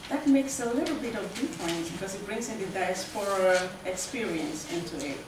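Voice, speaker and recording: A woman's voice: medium pitch, expressive, normal speed. Cameroonian woman reading in an echoey room. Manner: earnest, emphatic, rising to loud stresses. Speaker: guest poet. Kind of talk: poetry reading with remarks. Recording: echoey room, distant mic, background noise.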